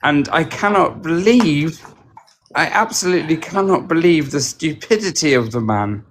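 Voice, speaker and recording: A man's voice: on the high side, lively intonation, normal speed. A tipsy middle-aged man with a British accent drifts through a casual chat, rambling and poking fun at himself. His voice comes through a video call with a faint layer of noise and the odd click behind it. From Britain.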